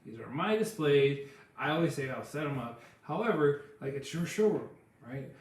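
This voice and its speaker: A man's voice: on the high side, lively intonation, moderate pace. A man co-hosting a casual chat, telling rambling stories with many fillers. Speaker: podcast co-host. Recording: very echoey room.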